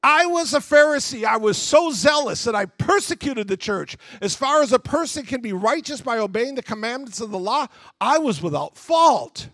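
A man's voice: very high-pitched, lively intonation, moderate pace, a bit bright, no room sound, exaggerated voice. A man voicing a proud former zealot apostle who insists on his strict past. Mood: proud, insistent.

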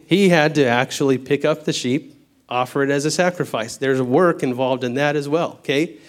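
A man of middle pitch delivers a Bible teaching sermon in a casual, conversational way. He checks in with his listeners often and slows down to spell out word meanings before hurrying through his asides. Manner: conversational, peppered with "okay?" checks. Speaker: preacher.

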